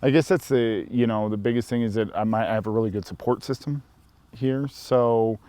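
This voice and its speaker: A man from Montana casually telling a personal story in a relaxed, rambling way, full of "you know" fillers. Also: medium pitch, fairly quick, smooth, no room sound. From Helena, Montana. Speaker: storyteller sharing his coming-out experience.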